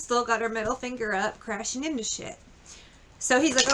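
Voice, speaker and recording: A woman's voice: a little high, brisk, fairly bright tone, a little hiss or hum. A woman giving a casual tarot reading, chatty and blunt, swearing freely as she tells a story. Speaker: tarot reader.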